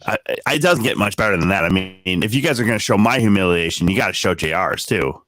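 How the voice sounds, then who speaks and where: A man co-hosting a podcast, joking loudly and thanking donors effusively in casual chat. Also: fairly low pitch, expressive, fast talker, a little hiss or hum. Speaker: podcast co-host.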